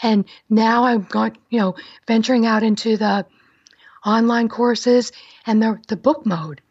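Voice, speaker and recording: A woman's voice: on the high side, fairly even intonation, unhurried, darkish tone, dry recording, muffled recording. A middle-aged woman, chatting upbeat as a guest in an interview. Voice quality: raspy. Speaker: guest, wedding planner. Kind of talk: casual interview talk.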